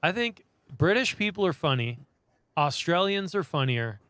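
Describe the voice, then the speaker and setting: A man's voice: fairly high pitch, big pitch swings, normal speed, a bit bright, no room sound. A man hosting a podcast, talking loosely about movies, full of "like" and swearing. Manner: loose, swears a lot, many likes. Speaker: podcast host. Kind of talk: casual chat.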